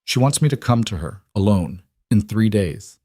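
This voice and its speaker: A man's voice: fairly low pitch, animated, moderate pace, warm tone, no room sound, studio quality. A man voicing a fierce, determined young she-wolf heroine with an urgent, defiant manner.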